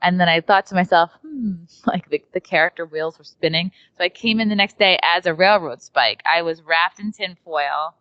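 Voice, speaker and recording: A woman's voice: lowish voice, moderate pace, hardly any pauses, smooth, no echo. A woman comedian from New York, telling a story in a casual, chatty way with lots of filler words as an interview guest. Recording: dry, dull lo-fi sound.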